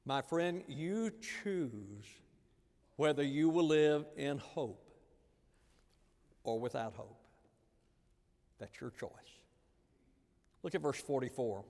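A man preaching a sermon, earnest and repetitive, swinging from loud emphasis to hushed lines. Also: mid-range voice, expressive, takes it slowly, long pauses. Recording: long reverb of a large hall.

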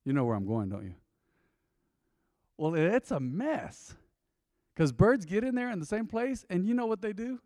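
A man's voice: sits high, big pitch swings, normal speed, long pauses, darkish tone, no echo, clean studio sound, big-room sound. A man preaching a sermon to a congregation in a folksy, conversational way, often slipping into quoted asides. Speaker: pastor. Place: church sanctuary.

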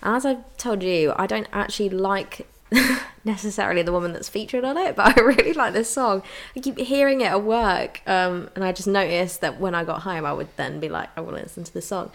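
A woman's voice: medium pitch, fairly quick, hardly any pauses. A woman co-hosting a casual music chat, chatty and loose, swearing casually and leaning on fillers, with a sinus infection. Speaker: podcast co-host.

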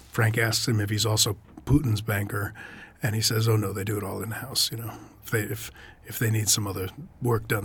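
A man's voice: on the low side, slight background noise. A man answering interview questions thoughtfully, with frequent fillers and restarts. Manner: hesitant, many fillers and restarts. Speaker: author and editor, interview guest.

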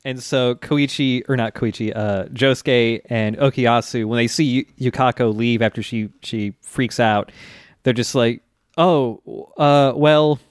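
A man's voice: medium pitch, steady tone, a little slow, no room sound, studio quality. A man co-hosting a casual anime podcast, animatedly retelling scenes and acting out the characters' lines, often laughing. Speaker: podcast co-host. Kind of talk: casual anime recap chat.

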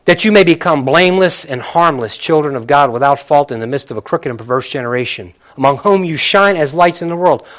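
Middle-aged male pastor, high voice, lively conversational preaching with acted-out asides. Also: a little fast, hardly any pauses. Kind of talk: sermon.

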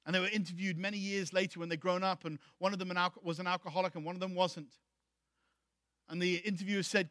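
A man's voice: high-pitched, fairly even intonation, fast talker, a bit bright, no room sound, clean studio sound. A man preaching a sermon to his church, emphatic and repeating key phrases for effect. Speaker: pastor.

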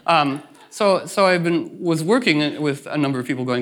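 Slightly high-voiced man musing playfully. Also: normal speed, few pauses, fairly bright tone. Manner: meandering and playful, with frequent restarts and acted-out asides. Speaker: guest. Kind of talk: reflective conversational talk.

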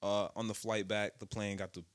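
A young man telling a story in casual chat, animated and slangy, with lots of swearing. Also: fairly low pitch, a little fast, no room sound.

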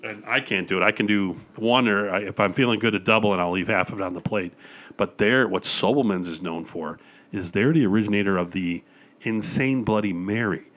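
An older man with a lowish voice, chatting easily as a guest. He tells stories with eager enthusiasm and scatters "uh" and "you know" through his sentences. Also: brisk, a bit bright. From Wisconsin, USA. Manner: enthusiastic storyteller with frequent fillers. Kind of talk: casual chat.

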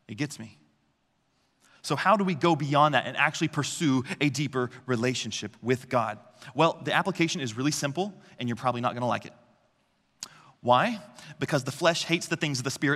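A man preaching a conversational sermon, telling stories in an animated way and often checking in with the congregation. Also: mid-range voice. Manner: animated storytelling with frequent "okay?" and "right?" check-ins. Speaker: pastor. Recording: long reverb of a large hall.

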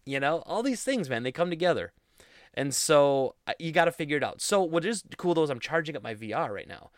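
A man's voice: a little high, big pitch swings, brisk, no echo. A young man hosting a casual solo podcast, rambling in a goofy, self-deprecating way into a studio mic. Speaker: podcast host.

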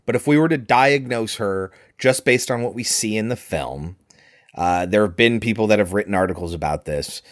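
A podcast co-host talks about a film in a chatty, analytical way, acting out quotes as he goes. His voice is fairly low at a moderate pace, recorded at studio quality with no echo.

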